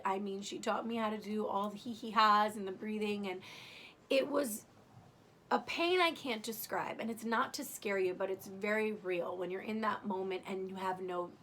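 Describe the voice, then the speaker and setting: A woman's voice: medium pitch, steady tone, moderate pace, fairly bright tone, a little hiss or hum. A young adult woman casually telling the story of giving birth, chatty and candid, full of "like" and the odd swear. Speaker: new mother telling her birth story.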